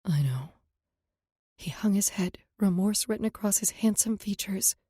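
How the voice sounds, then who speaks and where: Woman doing a gentle older man, soft soothing murmur, mellow tone, dry close sound. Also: mid-range voice, normal speed, husky, dry recording, lightly acted. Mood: tender. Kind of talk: audiobook character voice.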